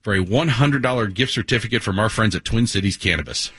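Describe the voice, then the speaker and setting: Male radio co-host, husky, dry studio sound, punchy sardonic delivery. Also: lowish voice, expressive, fast talker, fairly bright tone, no echo. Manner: sardonic, punchy, earnest with callers. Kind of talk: talk radio banter and promos.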